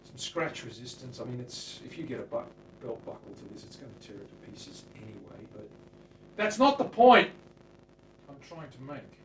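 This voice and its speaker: A man's voice: medium pitch, fairly quick, vocal fry, a bit bright, a little hiss or hum. Chatty Australian man in an echoey workshop. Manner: chatty, talks to chat viewers by name while working. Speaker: luthier streaming live. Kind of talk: casual live-stream workshop talk. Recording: roomy workshop sound from a distant mic.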